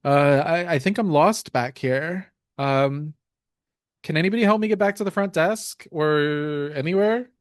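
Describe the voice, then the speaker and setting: A frightened young hotel guest, lost and pleading, voiced a little higher than usual by a man putting it on. The speech is timid and halting, full of small stammers. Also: dry recording, studio quality, close to an everyday voice. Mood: scared.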